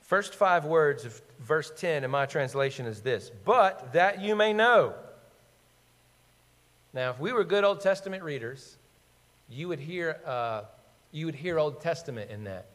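A man with a fairly high voice preaches a sermon with emphatic, questioning delivery. His words ring out with a long reverb, as in a large hall. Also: animated, moderate pace, fairly bright tone. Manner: emphatic, rhetorical questions, quotes scripture. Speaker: pastor.

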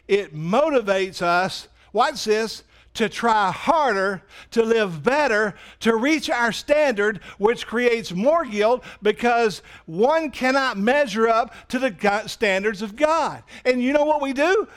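High-voiced guy preaching in church, gets loud then drops real low. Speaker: pastor. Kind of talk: sermon. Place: church sanctuary.

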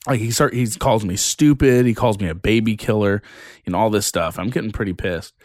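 A man with a fairly low voice is a guest on a casual podcast. He talks in an animated way, his voice jumps up when he gets heated, and he swears freely. The sound is dry and close-miked. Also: fairly quick, no echo.

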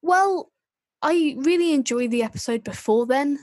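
A woman's voice: high voice, expressive, moderate pace, darkish tone, no room sound. A woman co-hosting a podcast, chatting casually and enthusiastically, with a self-deprecating manner. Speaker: podcast co-host. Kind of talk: casual chat about a TV show.

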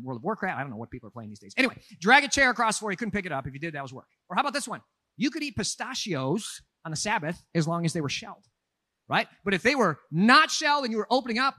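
High, bright-voiced pastor preaching. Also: male voice, no echo. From Minnesota. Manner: animated, joking, swings from quiet asides to shouts. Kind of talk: sermon.

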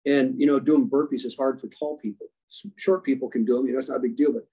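A man who is a leadership coach and former special operations rescuer, giving animated storytelling answers in a podcast interview and acting out dialogue. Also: mid-range voice, fast talker, slightly rough, poor audio. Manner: animated, acts out quoted dialogue. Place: podcast conversation.

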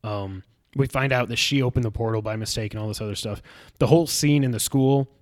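A man's voice: medium pitch, brisk. A man in casual chat, recapping a show and acting out its scenes in a raised voice. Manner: animated retelling, acts out scenes in a raised voice.

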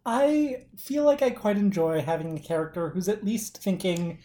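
A podcast co-host chatting casually in a dry, teasing way. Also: male voice, sits high, moderate pace, mellow. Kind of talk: casual chat.

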